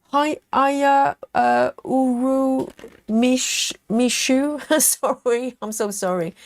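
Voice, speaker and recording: A woman's voice: on the low side, a little mellow. A woman hosting a live stream in casual, chatty talk, reading out and answering viewer comments with frequent laughs.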